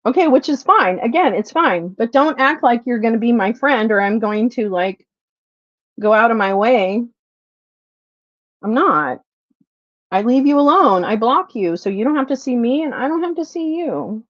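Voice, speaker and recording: A woman's voice: fairly high pitch, animated, moderate pace, no room sound. Woman, middle-aged, livestream host, frustrated, profane, apologetic, dry lo-fi sound. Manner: frustrated, profane, apologetic, swings between loud venting and quiet muttering. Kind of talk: unscripted livestream rant. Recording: dull, lo-fi, dry livestream audio.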